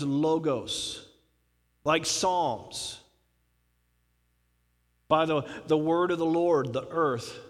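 A man with a high voice preaches a sermon, talking in a casual, animated way. He often asks rhetorical questions and fills his talk with little asides. His voice rings out with a long hall reverb. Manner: animated, conversational, with frequent filler phrases and rhetorical questions.

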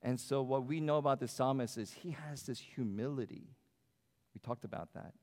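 A man's voice: mid-range voice, a little mellow. A man preaching a sermon in a church sanctuary, talking conversationally and asking the congregation questions. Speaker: pastor. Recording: long hall reverb.

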